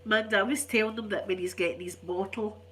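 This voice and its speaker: A middle-aged Scottish woman, ill and congested, telling stories in an animated, chatty way. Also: medium pitch, quick pace, background noise. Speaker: vlogger. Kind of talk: casual storytelling chat.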